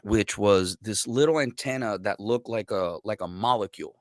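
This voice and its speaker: A man who is a military veteran, guest on a podcast, telling stories in a casual, profane, animated way and acting out what others said. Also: lowish voice, moderate pace, no echo, clean studio sound. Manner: profane, animated storyteller who acts out quotes. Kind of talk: casual storytelling.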